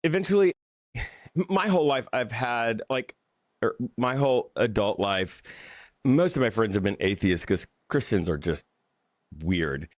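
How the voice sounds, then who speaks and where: In a casual interview, a pastor and author from the American South talks through his life story with candor and self-deprecation. His mid-range voice is expressive, recorded dry at studio quality, and his speech is halting, full of restarts and repeated words.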